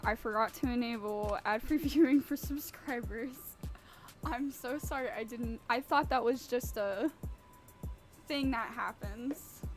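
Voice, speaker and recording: A woman's voice: a little high, unhurried, soft background music. A woman streamer rambling casually and swearing freely while baking in her home kitchen. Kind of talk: casual live-stream chat.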